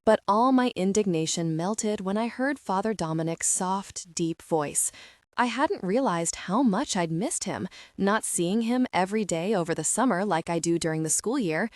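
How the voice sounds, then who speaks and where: A woman's voice: mid-range voice, animated, moderate pace, no room sound, studio quality. A young woman reading a first-person young adult audiobook in a wry, confiding and emotional way. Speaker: audiobook narrator.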